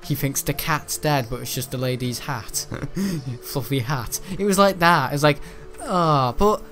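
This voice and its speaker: A man's voice: mid-range voice, normal speed, a bit bright, soft background music. A man chatting casually while streaming a game, rambling and joking and laughing often. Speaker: gaming streamer. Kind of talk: casual livestream chat while gaming.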